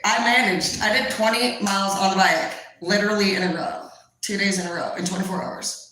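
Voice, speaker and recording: Young woman tarot reader, crude and rambling, bright tone, very echoey room. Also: medium pitch, brisk. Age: young adult. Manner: profane, blunt, rambling. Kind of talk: casual vlog reading.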